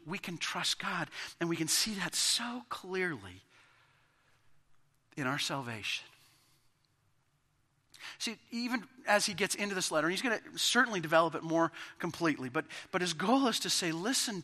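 A man preaching a sermon as pastor, impassioned and building to emphatic peaks, with quiet asides, in a church sanctuary. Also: high voice. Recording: long hall reverb.

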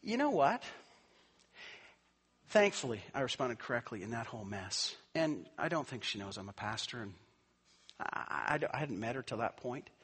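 Middle-aged male pastor, husky and bright, shifting from casual storytelling to emphatic sermon. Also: mid-range voice, big pitch swings, moderate pace, pauses often. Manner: conversational storytelling, rising to emphatic preaching.

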